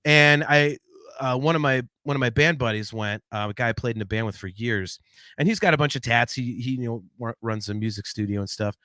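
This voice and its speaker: A middle-pitched man co-hosts a casual podcast, telling stories with animated energy and frequent laughter. His voice is bright and forceful. It is recorded dry and close to the mic. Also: dry recording. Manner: animated storyteller, laughs often, reads chat comments. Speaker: podcast co-host.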